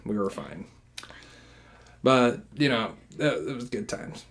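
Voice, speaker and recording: A young man telling stories on a casual podcast with his partner. His talk is loose and full of swearing, and it jumps into loud bursts when he gets worked up. His pitch sits in an ordinary middle range. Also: slow, gravelly. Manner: animated, profane, loud bursts when excited. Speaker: podcast host. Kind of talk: casual storytelling chat.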